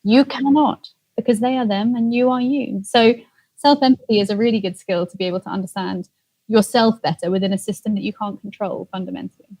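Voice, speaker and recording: A woman guest in an interview, explaining her ideas emphatically with rhetorical questions and drawn-out key words. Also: medium pitch, steady tone, darkish tone, poor audio. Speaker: guest, empathy advocate. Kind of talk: conversational interview answer.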